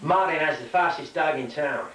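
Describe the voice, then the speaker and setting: Man telling a string of jokes, mid pitch, distant and roomy. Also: moderate pace, a bit bright, a little hiss or hum. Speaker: stand-up comedian. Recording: echoey room, from far off.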